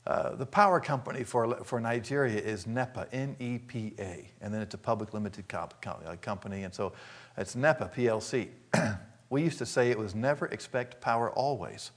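Folksy older preacher from Arkansas. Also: male voice, mid-range voice, moderate pace. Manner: animated, folksy, acts out scenes. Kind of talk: sermon storytelling.

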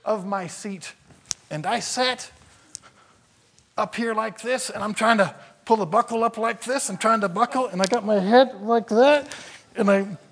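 An older man from Arkansas preaching a sermon, telling folksy stories and acting out the scenes with animated delivery. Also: high voice, unhurried. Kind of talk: sermon storytelling.

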